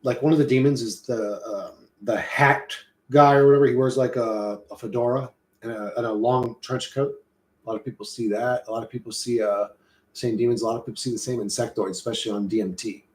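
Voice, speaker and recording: A man's voice: medium pitch, fairly even intonation, brisk, roomy sound. A man with an American accent streaming casually, rambling and swearing while he reads chat. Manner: profane, rambling, loose and joking. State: hot and sweating.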